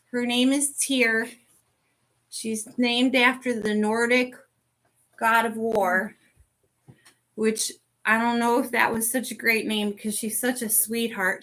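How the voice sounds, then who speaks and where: Slow-talking bright-voiced woman podcast host. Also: on the high side. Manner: rambling, chatty, sidetracked. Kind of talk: casual chat.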